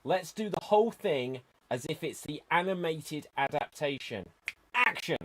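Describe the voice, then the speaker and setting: A man's voice: on the high side, lively intonation, measured pace, noisy background. A man playing an exasperated director in an improv comedy show, bossy and dramatic as he stops and restarts scenes. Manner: exasperated, bossy director, calls "cut" and "action".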